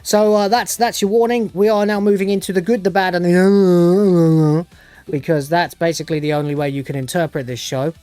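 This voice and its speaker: A man's voice: sits high, steady tone, fast talker, few pauses, a little mellow, no room sound, faint music behind. A man giving a casual, rambling TV review, sarcastic and sweary with lots of restarts.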